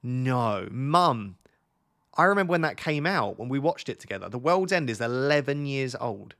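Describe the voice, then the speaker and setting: A man's voice: mid-range voice, lively intonation, moderate pace, a bit bright. A young man, chatting casually with viewers on a live stream, joking and thinking aloud as he reads their comments.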